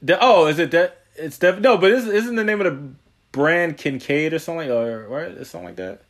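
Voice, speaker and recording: A man hosts a podcast in loose, easygoing conversation. His voice sits a little high for a man, and he rambles through stories, laughing often. He drops slangy asides along the way. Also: a little fast, fairly bright tone. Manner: slangy, says yo and man a lot. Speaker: podcast host. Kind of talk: casual chat.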